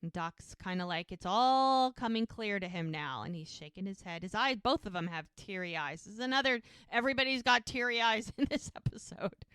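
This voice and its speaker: This is a woman co-hosting a rewatch podcast, talking through a TV episode and voicing the characters' dialogue as she goes. Her voice is smooth and clear at a middle pitch. The sound is close and dry, with no room echo. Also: animated, brisk, hardly any pauses, a bit bright. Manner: retells scenes by acting out characters' lines, laughs often. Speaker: podcast co-host. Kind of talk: casual recap of a TV episode.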